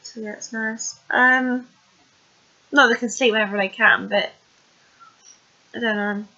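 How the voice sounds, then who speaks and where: A woman's voice: a little high, fairly even intonation, measured pace, bright, forceful tone, muffled recording. A woman casually recapping a TV episode, chatty and rambling with plenty of fillers.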